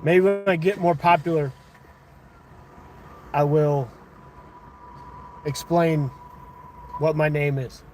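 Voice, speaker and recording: A man hosting a livestream, casually chatting and arguing with viewers in chat, thinking out loud. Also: a little high, fairly even intonation, takes it slowly, pauses often, a little hiss or hum. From United States. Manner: conversational, argumentative with chat, thinking aloud. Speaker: livestream host.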